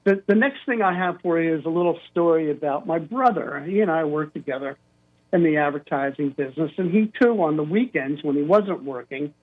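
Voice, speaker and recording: Older guy calling in, tinny phone line, kinda high voice, spins a lively story. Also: fairly quick. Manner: animated storyteller, acts out quotes. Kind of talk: telling a story on a radio call-in.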